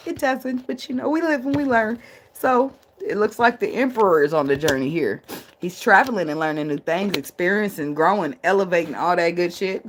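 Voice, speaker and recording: A woman's voice: mid-range voice, slight background noise. Blunt, cussing woman reading tarot. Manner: blunt and profane, laughs often; rambling, talks herself into tangents. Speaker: tarot reader. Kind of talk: casual spiritual tarot reading.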